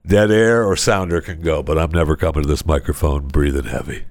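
A man's voice: rumbling low, brisk, creaky, a little hiss or hum. A man hosting a podcast, telling rambling stories in a loose, conversational way. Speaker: podcast host. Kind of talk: casual chat.

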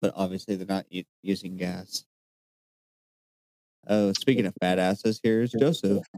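A man's voice: low-pitched, fairly even intonation, measured pace, a little mellow. A man co-hosting a podcast, reading out facts and chatting in a laid-back way. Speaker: podcast co-host. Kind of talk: casual chat, reading out facts.

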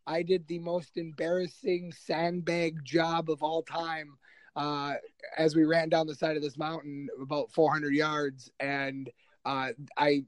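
A man's voice: a little high, no room sound. Wry man telling a war story. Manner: self-deprecating, wry, many fillers. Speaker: military veteran telling his story. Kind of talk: conversational storytelling.

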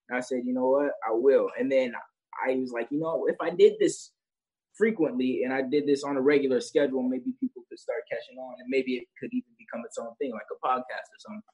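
A man's voice: medium pitch, fairly even intonation, quick pace, a little mellow, breathy edge, low-quality recording. A young man chatting as an interview guest, rambling with restarts and frequent laughter. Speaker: guest, social media creator. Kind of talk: casual interview chat.

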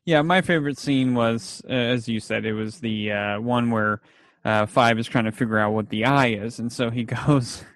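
A man's voice: mid-range voice, moderate pace, no echo. Man animatedly retelling a TV scene. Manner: animated retelling with laughs and acted quotes. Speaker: podcast co-host. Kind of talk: casual TV episode recap.

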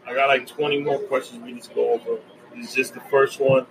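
A male podcast host with a mid-range voice wraps up the show, upbeat as he offers advice and lists where to listen. A clear hum of background noise runs underneath. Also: medium pitch, little pitch movement, quick pace. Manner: upbeat, giving advice and listing plugs. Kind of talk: podcast sign-off.

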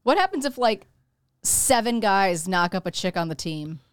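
A woman's voice: mid-range voice, big pitch swings, moderate pace, clean tone, no room sound. A woman co-hosting a talk show, chiming in with dry, wry remarks in casual chat. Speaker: co-host.

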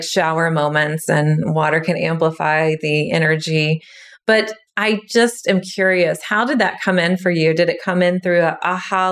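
A woman hosting a podcast who speaks reflectively about spirituality and asks her guest open questions. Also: on the low side. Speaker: podcast host. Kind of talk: casual podcast conversation.

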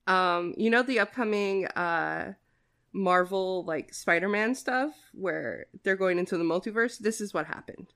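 Animated woman podcast co-host. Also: mid-range voice, unhurried. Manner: animated, emphatic, frequent "um" and "like". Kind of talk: casual chat.

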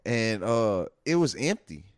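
A man's voice: lowish voice, sing-song, measured pace, no echo. Laid-back rambling male comedian, dry sound. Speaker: comedian and open mic host. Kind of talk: casual chat.

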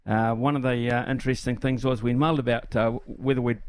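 A man's voice: medium pitch, steady tone, fairly quick, a little hiss or hum. A man hosting a sports radio show, talking casually and rambling with many fillers.

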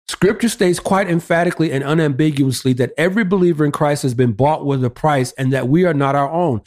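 A man's voice: fairly high pitch, fairly quick, hardly any pauses, darkish tone. A man delivers an emphatic, preacher-style argument in a somewhat raised voice. He cites verse after verse in a driving, repetitive cadence and punctuates it with rhetorical questions. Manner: emphatic, quoting scripture references. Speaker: pastor guest. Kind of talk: preaching on a radio show.

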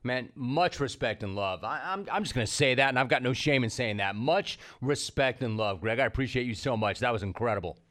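A man hosting a podcast, effusive and casual, praising his guest warmly. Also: mid-range voice, expressive, fairly quick, few pauses. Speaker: podcast host. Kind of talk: enthusiastic interview.

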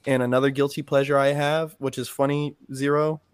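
A man co-hosting a podcast in casual chat, talking in a rambling, animated and profane way. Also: mid-range voice, fairly quick, clear, resonant tone, no room sound, clean studio sound. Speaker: podcast co-host.

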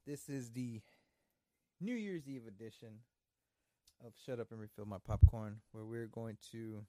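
Rambling, teasing male host for a movie watch-along, swears freely, mellow timbre, dry room. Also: mid-range voice, unhurried, no echo. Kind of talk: casual chat over a movie.

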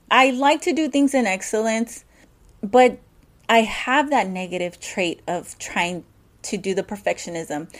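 A woman hosting her own podcast, talking candidly in a personal monologue, rambling and restarting her sentences as she goes. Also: fairly high pitch. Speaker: podcast host.

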